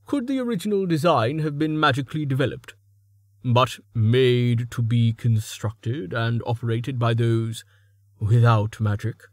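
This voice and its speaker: A man's voice: medium pitch, unhurried, no echo, clean studio sound, lightly acted. A man voicing an earnest, placating male character in an audiobook. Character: male peacemaker, earnest and relieved.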